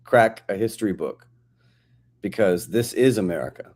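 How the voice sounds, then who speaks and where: A male pastor with a lowish voice joins a livestream talk. He speaks in a blunt, emphatic way. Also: moderate pace, darkish tone. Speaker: guest pastor. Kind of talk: livestream discussion.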